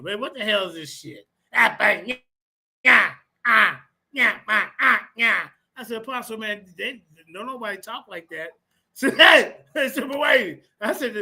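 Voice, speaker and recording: A man hosting a livestream, talking in a loud, profane, mocking way and repeating himself. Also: extremely high pitch, very animated, normal speed. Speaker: livestream host. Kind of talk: mocking casual commentary.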